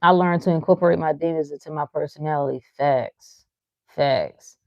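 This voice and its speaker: Blunt, profane woman with a low, mellow voice. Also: moderate pace, dry recording, highs cut off. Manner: frank, profane and teasing, with short laughs. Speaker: livestream host reading chat. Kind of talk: blunt motivational talk.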